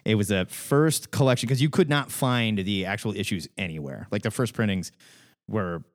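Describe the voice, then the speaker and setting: A man's voice: lowish voice, normal speed. A man hosting a casual comics call-in podcast, telling stories with lots of laughter. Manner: animated storyteller, laughs a lot. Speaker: podcast host. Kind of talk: casual chat.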